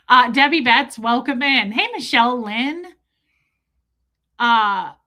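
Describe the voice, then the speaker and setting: A woman's voice: a little high, sharp tone. A woman hosting a casual livestream, candidly chatting and reading viewer comments aloud. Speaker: livestream host reading chat.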